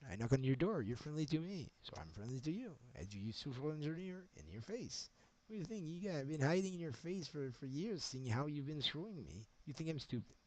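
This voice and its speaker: A man's voice: a little high, sing-song, brisk, few pauses, darkish tone, rough recording. A man streaming, talking in a rambling, agitated monologue with a lot of swearing.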